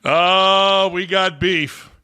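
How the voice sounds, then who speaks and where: Male sports talk host, blunt scornful rant, high bright voice. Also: steady tone, extremely slow, clean tone. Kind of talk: opinionated podcast rant.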